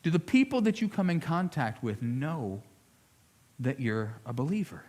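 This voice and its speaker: Man, pastor, sermon, slightly high voice, emphatic then hushed, repeats words mid-sentence. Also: sing-song, normal speed. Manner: preaching with big swings between loud emphasis and hushed appeals; repeats words while gathering his thoughts. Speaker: lead pastor.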